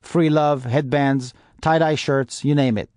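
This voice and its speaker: A man's voice: mid-range voice, fairly even intonation, a little slow, a little mellow, dry recording, clean studio sound, close to an everyday voice. A man doing an affable, apologetic lawyer. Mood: chatty. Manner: laughing, apologetic, chatty. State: wheezing a little, sweating. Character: chubby, affable, apologetic middle-aged male lawyer. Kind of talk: audiobook character voice.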